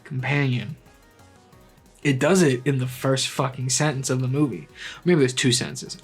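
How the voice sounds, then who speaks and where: A man's voice: medium pitch, normal speed, slightly rough, faint music behind. Blunt, sweary young man ranking movies. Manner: blunt, sweary, rambling, animated asides. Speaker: movie vlogger. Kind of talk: casual opinionated commentary.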